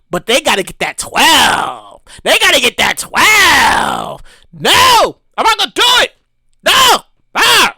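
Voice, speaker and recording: A woman hosting a podcast, ranting casually about the news, animated and profane with loud exclamations. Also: fairly high pitch, no echo, clean studio sound. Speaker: podcast host. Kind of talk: casual comedic news rant.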